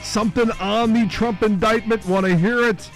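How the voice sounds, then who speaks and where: A man's voice: sits high, steady tone, normal speed, music in the background. A man hosting a call-in radio talk show, talking in a loose, opinionated, conversational way.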